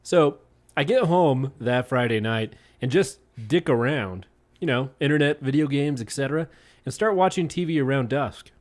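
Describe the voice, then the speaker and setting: A man co-hosting a podcast, chatting casually and taking the other side in a relaxed way. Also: medium pitch, moderate pace. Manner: laid-back, argues the other side. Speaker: podcast co-host. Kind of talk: casual chat and reading stories aloud.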